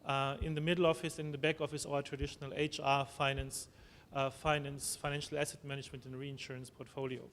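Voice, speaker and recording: Halting man presenting in a hall. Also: mid-range voice, flat delivery, fairly bright tone. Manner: halting, many restarts and fillers, tag questions. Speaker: conference speaker. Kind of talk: conference presentation. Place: conference hall. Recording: long hall reverb, faint noise.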